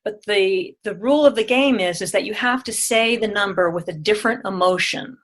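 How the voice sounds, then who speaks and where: A woman guest explains presentation techniques in an easy conversational flow. She talks with energy and breaks into quick demonstrations of the exercises she teaches. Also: mid-range voice, fairly bright tone, rough recording. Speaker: guest, speaking and presentation coach. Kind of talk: conversational interview.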